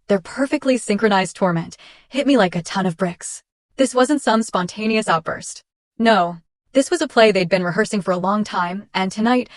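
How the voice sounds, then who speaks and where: A woman narrating a dramatic first-person story in a steady reading voice. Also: mid-range voice, no room sound, clean studio sound.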